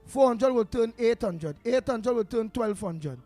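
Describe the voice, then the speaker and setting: High-voiced Trinidadian man, rousing host. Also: expressive, a little slow, soft background music. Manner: rousing, emphatic, builds to shouts. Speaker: talk show host. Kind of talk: live radio call-in talk.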